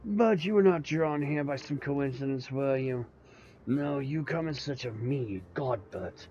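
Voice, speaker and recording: A man voicing a calm, self-assured older gentleman, reading game dialogue in a low, measured, courtly way. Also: highs cut off, faint music behind.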